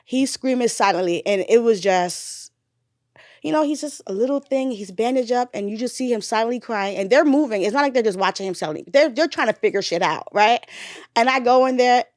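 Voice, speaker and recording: A young adult woman, a mother, candidly telling her story in a casual interview, animated, with blunt slang and swearing. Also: on the high side, brisk, no echo, clean studio sound.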